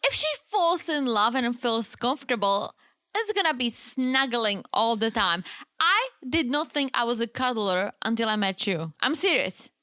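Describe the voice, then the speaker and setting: A woman from the Czech Republic with a Czech accent, co-hosting a podcast in animated casual chat and laughing often. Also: on the high side, normal speed, no room sound, studio quality. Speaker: podcast co-host.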